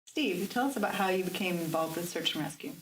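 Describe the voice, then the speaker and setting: An actress playing a TV news anchor reading the news formally. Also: female voice, on the low side, expressive, fast, a little hiss or hum, lightly acted, rough recording. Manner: polished, formal. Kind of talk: newsreading. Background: music.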